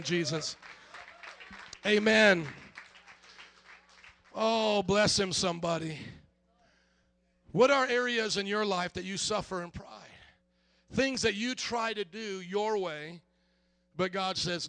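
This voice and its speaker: High, gravelly preaching man. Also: normal speed, no echo. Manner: animated, shouts when acting out stories. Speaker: pastor. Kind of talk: sermon with storytelling.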